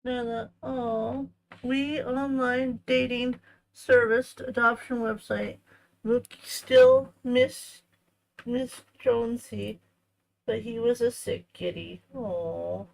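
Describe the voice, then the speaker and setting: A woman hosting a crafting channel, chatting casually in a tender, reflective way, often halting and restarting her sentences. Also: on the high side, steady tone, gravelly, rough recording. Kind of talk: casual chat while crafting.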